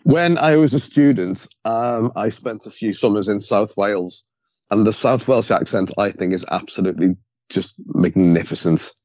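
A man's voice: lowish voice, normal speed, a little mellow, dry recording, dull audio. A man with a Scouse accent chatting on a podcast, enthusiastic, stumbling over words as he starts. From Liverpool, England. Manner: enthusiastic, repeats words when starting sentences. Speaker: podcast co-host. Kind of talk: casual chat.

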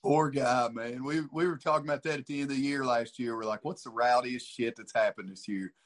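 A man's voice: medium pitch, a little fast. A man as a guest in a casual chat, easygoing, swearing and calling people dude and buddy.

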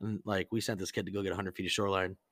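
A man's voice: sits low, little pitch movement, rapid-fire, fairly bright tone, no room sound, clean studio sound. A man hosting a podcast, telling rambling service stories in a casual, profane way and laughing often. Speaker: podcast host. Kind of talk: casual storytelling chat.

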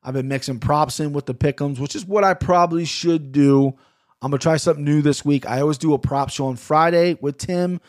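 A man's voice: a little high, brisk, dry recording, studio quality. Laid-back rambling podcast host man. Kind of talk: casual podcast fight picks. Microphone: podcast mic on camera.

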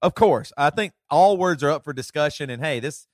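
A man's voice: on the high side, animated, normal speed, no echo, studio quality. A man co-hosting a podcast, thinking aloud reflectively in casual chat. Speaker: podcast co-host.

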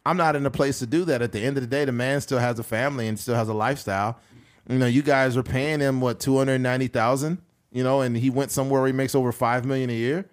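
A man from California hosting a podcast, telling stories in a profane, animated way. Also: medium pitch, fast talker. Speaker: podcast host. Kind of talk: casual podcast chat.

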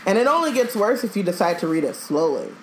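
A woman's voice: mid-range voice, big pitch swings, quick pace, slight background noise, poor audio. A woman co-hosting a casual book podcast, blunt and jokey, who swears freely. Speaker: podcast co-host. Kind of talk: casual chat.

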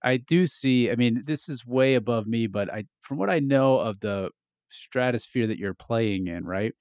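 A man's voice: medium pitch, moderate pace, a little mellow, dry recording, studio quality. Casual chatty male podcast host. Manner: casual, chatty, lots of short agreeing backchannels. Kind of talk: interview conversation.

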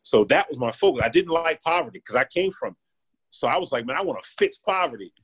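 Guest, man, 30s. Husky, slightly high, animated storyteller. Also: fast talker. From Philadelphia, USA. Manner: animated, keeps asking "right?", acts out quotes. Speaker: podcast guest. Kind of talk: casual interview storytelling.

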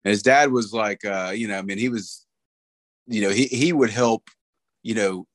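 A middle-aged man with a fairly low voice talks casually about an old friend, rambling and circling back with fillers. The sound is dry and close, with no room around him. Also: moderate pace, no echo. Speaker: friend remembering a late friend. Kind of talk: casual conversation.

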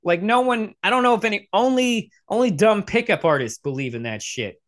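A young man giving blunt, sarcastic reaction commentary, swearing freely and talking in quick restarts. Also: high voice. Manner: blunt, profane, sarcastic, animated. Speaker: commentator reacting to video clips.

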